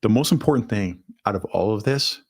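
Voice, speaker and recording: A man with a gravelly, somewhat low voice hosts an instructional talk. He speaks plainly and practically, addressing his viewers directly as he walks them through the steps. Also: expressive, brisk. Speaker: host.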